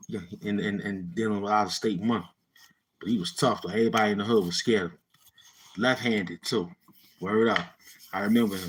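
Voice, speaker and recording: A man with a New York City accent tells a neighborhood story in easygoing street slang and acts out the voices of his old friends. His voice sits low and carries a husky, breathy edge. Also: fairly bright tone. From Brownsville, Brooklyn, New York. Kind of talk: casual storytelling.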